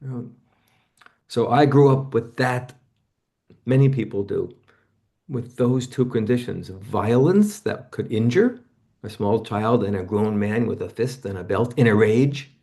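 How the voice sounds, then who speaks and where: A man in his seventies, a guest in an interview, reflects on personal experiences in a conversational way, acting out remembered voices with sudden jumps in pitch. He speaks a little slowly, with an expressive, warm voice and vocal fry.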